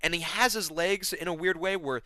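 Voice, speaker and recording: A young man giving a casual fight recap, excited and sarcastic, full of fillers and repeated words. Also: high-pitched, normal speed, no room sound. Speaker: MMA recap host.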